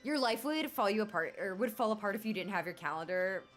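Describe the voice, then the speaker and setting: Bubbly young woman streamer, lively up-and-down voice, chatty, faint music behind. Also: mid-range voice, fast talker. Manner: bubbly, chatty, many fillers and laughs. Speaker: livestream host. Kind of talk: casual chat while gaming.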